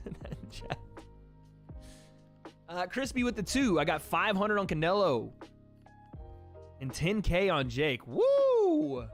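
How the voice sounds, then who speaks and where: A man's voice: a little high, fairly bright tone. A young man from the American South chatting casually on a livestream, reading donations and trailing off with laughs. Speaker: streamer hosting a watch party.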